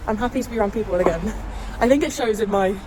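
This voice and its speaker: Outdoors on her travels, a young woman from Britain vlogs in a racing, mid-range voice with background noise around her. She speaks British English, chatting and rambling casually. She swears a lot and laughs frequently.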